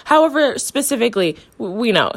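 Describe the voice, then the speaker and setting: A woman's voice: on the high side, very animated, a little fast, slightly rough. A young adult woman from the United States, hosting a motivational podcast as a coach and speaking earnestly to her listeners. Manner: earnest, encouraging, voices the listener's inner thoughts.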